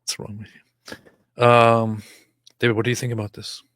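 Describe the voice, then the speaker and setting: A man's voice: mid-range voice, normal speed, no echo. Dry-sounding man reading chat aloud. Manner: reads comments aloud, laughs often, animated. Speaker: livestream host reading chat. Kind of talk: casual livestream chat.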